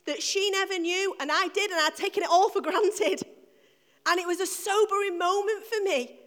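A woman's voice: very high voice, steady tone, moderate pace, fairly bright tone. A middle-aged woman preaching an Easter sermon to her church, telling a personal story and building to emphatic, repeated lines.

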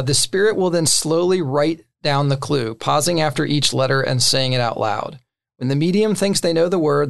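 A man's voice: mid-range voice, creaky. A man casually explaining the rules of a board game to friends, with many fillers and short laughs. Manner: relaxed, filler-heavy, laughs between points.

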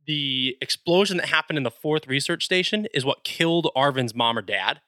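A man's voice: medium pitch, moderate pace, sharp tone, no room sound. A man co-hosting a podcast, eagerly retelling a video game's story in casual chat. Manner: enthusiastic, retells game scenes with quoted lines. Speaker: podcast co-host.

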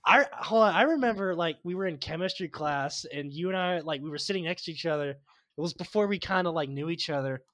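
A young man chatting on a casual podcast with a bright, fairly high voice. He jokes loudly and swears freely as he tells stories to his friends. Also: fast. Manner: loud, jokey, swears freely. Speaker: podcast co-host. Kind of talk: casual chat.

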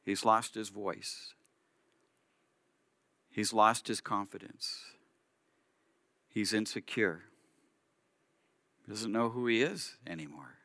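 A male rabbi preaches a sermon, explaining as he tells the story and acting out its quotes. His voice is forceful and tense. The sound is close and dry. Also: fairly low pitch, takes it slowly, pauses often, no echo.

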